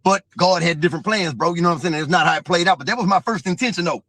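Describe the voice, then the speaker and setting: A man's voice: high-pitched, rapid-fire, a bit bright, no room sound. A man telling a profane, vivid story as an interview guest. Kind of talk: casual storytelling.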